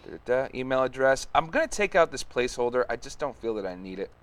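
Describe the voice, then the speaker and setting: This live-coding stream host thinks out loud, muttering, humming and making casual chatter while he works. He has a mid-range voice, a sing-song delivery and a fast pace.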